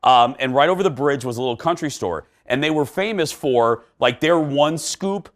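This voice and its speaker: A man's voice: medium pitch, lively intonation, normal speed. A middle-aged man from Indiana hosting a daytime talk show, chatting and telling a family story with lots of fillers and restarts. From Indiana, United States. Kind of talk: casual chat and storytelling.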